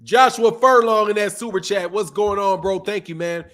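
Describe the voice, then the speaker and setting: A boxing channel host chats casually on a livestream, reading out super chats from viewers with slangy, easygoing delivery. His voice sits high and has a fairly bright tone, his pace is moderate, and his throat is sore.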